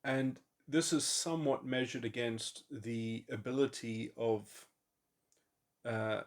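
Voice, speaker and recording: A man thinking aloud in a long speculative monologue, halting often and restarting his sentences. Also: mid-range voice, fairly even intonation. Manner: musing, halting, with many restarts and fillers. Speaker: podcast host. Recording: voice memo.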